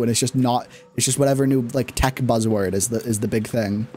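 A man's voice: mid-range voice, steady tone, fairly quick, a little mellow, a little hiss or hum. Rambling man streaming a game. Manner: rambling, restarts a lot, laughs and rants. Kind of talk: casual gameplay commentary.

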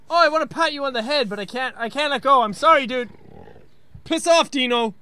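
A young Irish man giving loud, panicky let's-play commentary, yelping, laughing and swearing at a scary game. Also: very high voice, sing-song, a little fast. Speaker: gaming video host.

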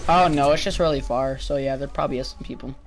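A man streaming a game with friends, crude and joking and quick to laugh. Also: mid-range voice. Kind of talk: casual gaming chat.

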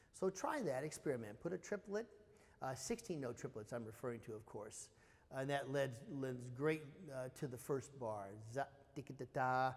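Man scatting drum rhythms, reverberant hall. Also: medium pitch. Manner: demonstrates rhythms with scat syllables. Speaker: percussion lecturer. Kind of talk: spoken music instruction.

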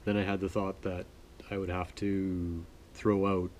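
A man from Manitoba, Canada, chatting in a relaxed, rambling, self-deprecating way as host of his sewing vlog. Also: sits low, unhurried, slight background noise. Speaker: sewing vlogger. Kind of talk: relaxed casual chat.

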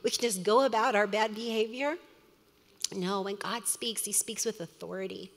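A woman's voice: mid-range voice, steady tone. Middle-aged woman teaching in a reverberant hall. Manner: earnest, warm storytelling with quick asides. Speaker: women's Bible study teacher. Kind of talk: sermon.

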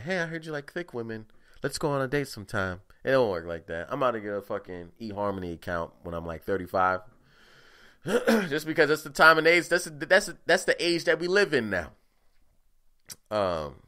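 Profane casual man, smooth low voice. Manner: animated, profane ranting with rising pitch. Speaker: podcast host. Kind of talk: casual monologue.

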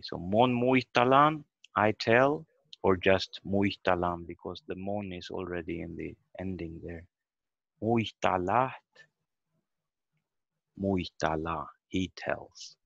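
Slow, gravelly man teaching over a video call. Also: sits low, a bit bright, no room sound. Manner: patient, methodical, spells words out syllable by syllable. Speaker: language teacher. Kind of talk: online beginner language lesson. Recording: dull lo-fi video call audio.

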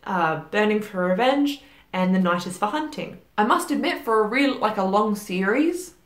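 Recorded in a room with echo, a young adult woman talks at a moderate pace in an animated, mid-range voice. She's a book vlogger doing a chatty, self-deprecating monthly reading wrap-up, with plenty of fillers and quiet laughs.

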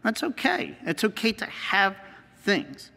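A man's voice: high-pitched, wildly swooping pitch, slow, gravelly, bright, forceful tone. An American man, a priest, giving an earnest teaching talk with slides and repeating key phrases for emphasis. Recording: long hall reverb.

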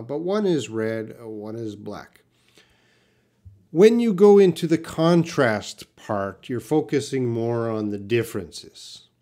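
A man teaching English on a live stream, slowly answering viewers' questions one by one. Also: mid-range voice, dark tone. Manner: slow, patient, reads out viewer questions. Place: classroom with a whiteboard.

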